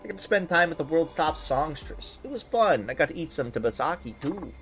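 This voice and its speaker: A woman's voice: sits low, animated, fairly quick. A woman voicing a wry, easygoing young male bodyguard who makes dry jokes. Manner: dry, joking.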